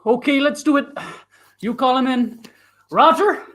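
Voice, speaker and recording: A man's voice: very high-pitched, measured pace, a bit bright. A man improvising a proud, folksy 1960s family man in a comedy scene. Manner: folksy, self-satisfied.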